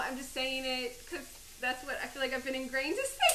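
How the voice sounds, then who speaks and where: A woman's voice: high-pitched, a little fast, reverberant, noisy background. A woman hosting a live home cooking stream, chatting and rambling as she chops, teary-eyed from onions. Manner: chatty and rambling, laughing at herself. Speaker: cooking show host. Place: home kitchen.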